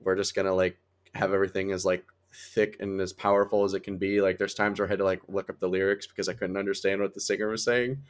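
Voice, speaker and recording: Excitable man rambling with lots of "like". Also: low voice, fast talker. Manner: rambling, heavy use of "like", excitable. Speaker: podcast co-host. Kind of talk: casual chat.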